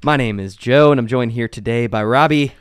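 A man's voice: medium pitch, brisk, clear, resonant tone, dry recording, studio quality. A man hosting a casual tech podcast, joking and laughing with his co-hosts. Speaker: podcast host.

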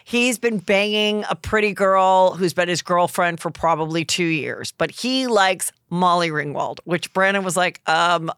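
Woman podcast host, low-ish bright voice, retells movie scenes all animated, dry sound. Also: a little slow, hardly any pauses, smooth, no echo. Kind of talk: casual chat.

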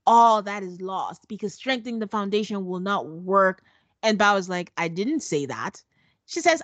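A woman co-hosting a podcast, recapping a reality show in a sarcastic, animated, chatty way. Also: a little high, no echo. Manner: sarcastic, animated storytelling with acted quotes. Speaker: podcast co-host. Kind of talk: casual recap chat.

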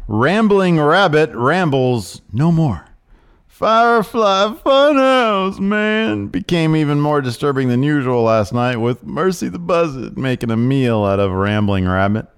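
A man's voice: mid-range voice, clear, resonant tone. A man hosting a casual wrestling talk show, reading previews in a hyped voice and chatting loosely. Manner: reads previews in a hyped announcer voice, then chats loosely. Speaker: podcast host. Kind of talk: casual chat.

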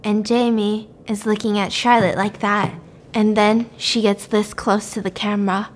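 A woman casually recapping a horror movie as a storyteller, animated and profane, often breaking into laughter. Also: mid-range voice, a little slow.

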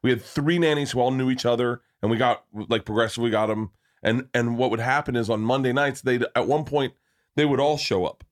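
A man's voice: mid-range voice, fairly quick. A middle-aged man hosting a podcast, telling rambling, profane, jokey stories in casual chat. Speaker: podcast host.

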